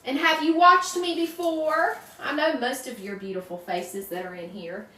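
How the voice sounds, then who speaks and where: A woman's voice: high voice, steady tone, normal speed, bright, forceful tone, a little hiss or hum. A woman from North Carolina with a Southern accent, chatting casually and greeting viewers by name while she designs a wreath on a live stream. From North Carolina, USA. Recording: roomy echo, distant mic.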